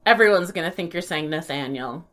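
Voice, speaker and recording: A woman's voice: lowish voice, expressive, a little fast, fairly bright tone. A woman co-hosting a casual podcast chat, playful and jokey, laughing easily. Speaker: podcast co-host.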